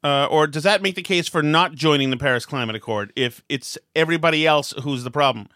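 A man's voice: a little high, brisk, sharp tone, dry recording, studio quality. A man hosting a political talk show, ranting with sarcastic exasperation. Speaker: host.

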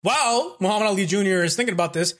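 Animated male host retelling a show, higher voice with wide swings. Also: rapid-fire. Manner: animated, profane, acts out characters while retelling. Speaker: podcast host recapping an anime. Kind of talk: casual chat.

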